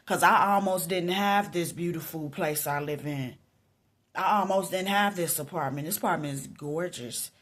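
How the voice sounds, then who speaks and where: A woman, telling a personal Christian testimony in an animated way, quoting both people in the story and swinging from low murmurs to loud outbursts. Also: normal speed. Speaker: Christian vlogger sharing a testimony.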